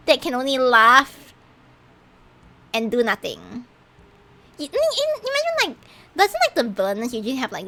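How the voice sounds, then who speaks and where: A woman streamer giving casual, giggly commentary while playing a game, often stumbling and restarting her sentences. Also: a little high. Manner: animated and giggly, with frequent stammered restarts.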